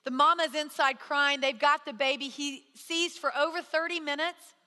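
A woman's voice: high-pitched, fairly even intonation, normal speed, bright, forceful tone, long reverb tail. A middle-aged woman preaching a sermon, telling a personal story in an earnest, conversational way with frequent restarts. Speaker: speaker at a church.

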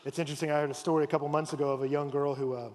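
A male pastor preaching a sermon, telling stories with acted-out voices and dropping low and quiet for emphasis. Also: very fast, big-room sound. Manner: animated storytelling, acting out voices, dropping low and soft for emphasis.

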